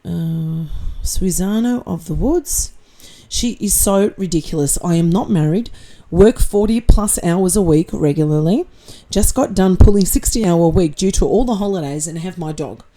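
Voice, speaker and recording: A woman's voice: lowish voice, normal speed, mellow. A woman hosting her channel, reading out viewer comments and answering them bluntly, with sarcasm and swearing. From Australia. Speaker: channel host reading chat.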